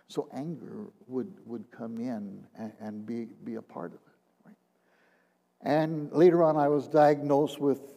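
Slow, mellow older man giving testimony. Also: on the high side. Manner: halting, repeats words, drops to a hushed tone. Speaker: retired minister. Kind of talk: personal testimony. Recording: long reverb of a large hall.

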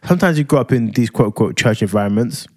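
A man's voice: mid-range voice, lively intonation, quick pace, darkish tone. Slangy South London man chatting. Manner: swears freely, slangy and rambling. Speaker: podcast co-host. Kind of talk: casual chat.

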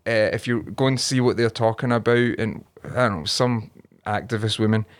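A man's voice: on the low side, steady tone, brisk. A Scottish man chatting casually, sweary and rambling, often laughing. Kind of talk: casual banter.

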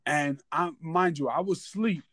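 A young man from New York, hosting a casual chat and telling a story in a relaxed way, with many "like"s. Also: fairly high pitch, moderate pace. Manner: laid-back, filler-heavy, many "like"s. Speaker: host.

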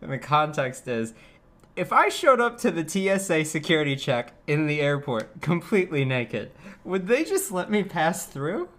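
A woman's voice: low-pitched, sing-song, normal speed. A woman co-hosting a comedy podcast, laughing often as she acts out silly scenarios in casual chat. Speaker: podcast co-host.

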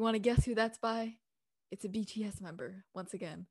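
A woman's voice: medium pitch, brisk, darkish tone, breathy edge, no echo, clean studio sound. A young woman hosting a casual podcast, chatty and giggly with informal slang. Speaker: podcast host.

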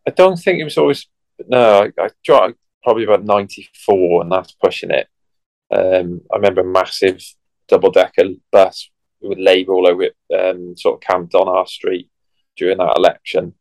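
A man in his thirties with a low, gravelly voice chats easily with his co-host. He often acts out lines from the show as he talks. The sound is close and dry. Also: steady tone, moderate pace, darkish tone, no room sound, rough recording. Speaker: podcast co-host. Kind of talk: casual chat.

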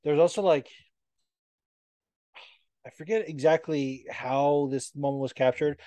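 A man co-hosting a chatty podcast, talking loosely and swearing freely. His voice is mellow and dark, and the sound is close and dry. He slips into quoted asides as he tells stories. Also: on the high side, unhurried, no room sound. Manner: swears often, animated storytelling with quoted asides. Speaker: podcast co-host. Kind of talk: casual chat.

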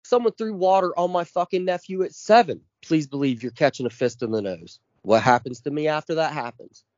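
A man's voice: a little high, brisk, a little mellow, no echo, lo-fi sound. A man in his forties co-hosting a podcast, ranting with constant swearing and heavy emphasis. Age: 40s. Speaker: podcast co-host. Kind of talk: casual chat.

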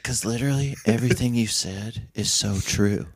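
Against a crowd in the background, a man from the Nashville music scene holds forth as a podcast guest, telling a long, casual story at a moderate pace in a fairly low voice. He laughs often, does the voices of the people involved, and curses without restraint.

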